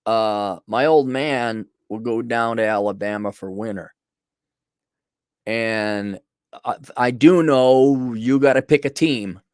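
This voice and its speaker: A man's voice: medium pitch, steady tone, slow pace, a little mellow, clear, resonant tone, no room sound, studio quality. A middle-aged man telling a rambling, self-mocking story in a casual monologue, full of sarcastic asides. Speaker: podcast host.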